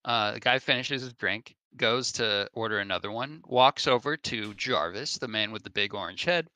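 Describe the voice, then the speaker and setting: A man's voice: on the low side, normal speed, sharp tone, dry recording. A man streaming a game, telling a long joke in a rambling way with lots of fillers. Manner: rambling storyteller with many fillers.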